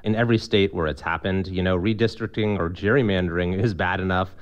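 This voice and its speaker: A male congressman answering an interview question in a quick, assertive way. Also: low-pitched, fairly even intonation, lo-fi sound.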